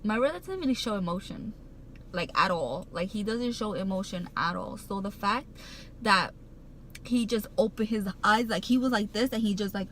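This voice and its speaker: A woman's voice: medium pitch, a bit bright, low-quality recording. Woman vlogging a personal story, rambly, lots of "like", gets emotional, bit of faint hiss behind. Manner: rambling, heartfelt, many "like" fillers and restarts; emotional, getting choked up while recounting.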